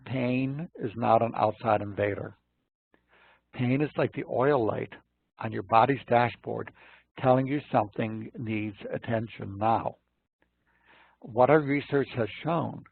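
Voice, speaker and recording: A man's voice: medium pitch, creaky, slightly rough, no room sound. A man hosting a nutrition talk, explaining pain in an informal lecture style and telling folksy stories. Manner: folksy storyteller, acts out quotes in the story. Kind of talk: informal health lecture with anecdotes. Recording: dry, phone-like narrow sound.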